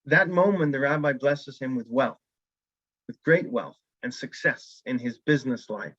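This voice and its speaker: A man's voice: mid-range voice, moderate pace, dry recording, highs cut off. A man teaching a weekly Torah class as a rabbi, telling a story and acting out the characters' lines. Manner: animated storyteller who acts out characters' lines.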